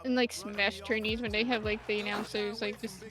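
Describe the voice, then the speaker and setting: A woman's voice: mid-range voice, flat delivery, a little fast. A young woman guest on a game stream, chatting casually and teasing the host. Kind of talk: casual chat.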